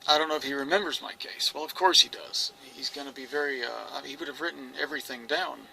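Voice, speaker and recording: A man's voice: medium pitch, fairly even intonation, quick pace, vocal fry, pushed and bright, poor audio. A man telling his own story in an earnest, rambling monologue, restarting phrases and quoting others. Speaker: experiencer recounting his story. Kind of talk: personal monologue to camera.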